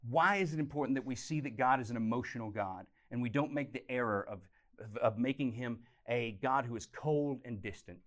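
A man's voice: mid-range voice, fairly quick. Man preaching with big swings in volume. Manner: animated, swings from loud emphasis to quiet intensity. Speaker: pastor. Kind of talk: sermon teaching series.

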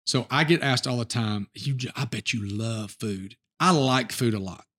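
Man, middle-aged, podcast host, casual rambling talk, mid-pitched voice. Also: normal speed. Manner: relaxed, rambling storyteller with restarts. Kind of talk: casual interview chat.

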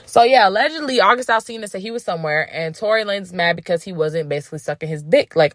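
A woman's voice: mid-range voice, expressive, fast talker, few pauses, no echo, clean studio sound. A woman hosting a casual celebrity gossip podcast, brash and profane, ranting and joking. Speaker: podcast host.

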